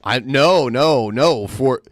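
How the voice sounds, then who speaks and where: A man co-hosting a casual podcast, rambling through his points and slipping into mocking imitations. His voice sits at an ordinary pitch in a dry, close recording. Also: slow pace, no echo. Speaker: podcast co-host. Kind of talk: casual commentary chat.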